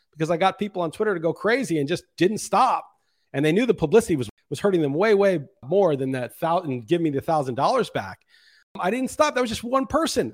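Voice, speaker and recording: Fired-up man ranting on his podcast. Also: sits high. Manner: impassioned, ranting, profane. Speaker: podcast host. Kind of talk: monologue podcast commentary.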